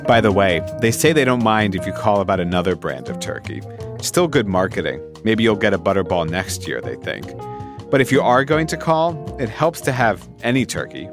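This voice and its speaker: A man's voice: fairly low pitch, big pitch swings, normal speed. A man hosting a radio feature, narrating and interviewing with a wry, conversational manner. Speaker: radio host. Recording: voice over loud background music.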